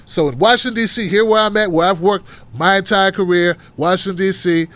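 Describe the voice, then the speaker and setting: His voice sits high and a bit bright, with fairly even intonation and a fairly quick pace, as this Southern-accented Tennessee man hosts a political talk show. In casual livestream commentary he gets fired up, ranting bluntly and profanely, mocking his targets and asking rhetorical questions.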